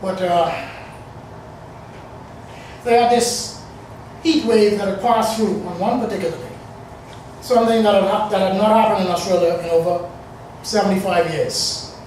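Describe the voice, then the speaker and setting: A man's voice: sits high, steady tone, normal speed, darkish tone, slight background noise. A man in his forties from the Bahamas telling a personal story to an audience in a loose, rambling way with many fillers. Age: 40s. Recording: echoey room, distant mic.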